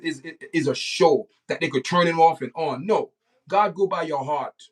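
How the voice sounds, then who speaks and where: A man's voice: high-pitched, a bit bright, far from the mic. Preachy man hosting a livestream. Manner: preachy, repetitive, indignant. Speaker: livestream host. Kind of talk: opinionated livestream commentary.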